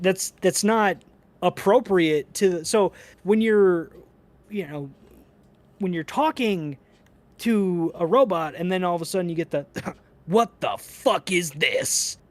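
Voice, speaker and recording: A man co-hosting a casual gaming podcast, talking in an animated, profane, ranting way. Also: high voice. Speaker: podcast co-host.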